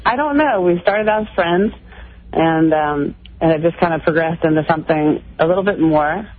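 A woman calling into a radio show, speaking hesitantly and haltingly. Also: deep voice. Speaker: caller. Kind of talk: call-in radio conversation. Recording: tinny phone line.

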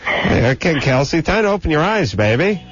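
A man's voice: a little high, very animated, normal speed, fairly bright tone, a little hiss or hum. A man hosting a call-in radio show, teasing callers in a joking, sarcastic way. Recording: dull lo-fi radio broadcast.

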